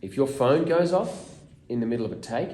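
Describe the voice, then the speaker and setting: A man with an Australian accent, an actor telling casual behind-the-scenes anecdotes to fans at a convention meet-and-greet, animated and full of restarts. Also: medium pitch, a little fast. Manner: animated storyteller, acts out quotes, many restarts. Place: small room at a fan convention. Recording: echoey room.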